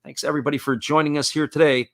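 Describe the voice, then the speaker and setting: A man giving live baseball play-by-play commentary, folksy and steady, reading out chat messages between pitches. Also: rapid-fire, gravelly.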